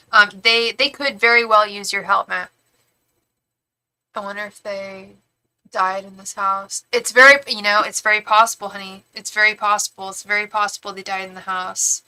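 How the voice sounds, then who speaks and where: A woman's voice: mid-range voice, bright, forceful tone, clean tone. A young woman reading tarot live, talking in a rambling, frank way with casual swearing and many restarts. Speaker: tarot reader and psychic medium.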